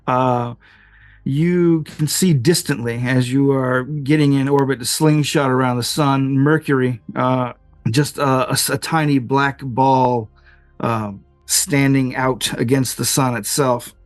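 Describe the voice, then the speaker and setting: A man's voice: medium pitch, no room sound. Man, game master, rambling narration, lots of ums and uhs, dry close sound.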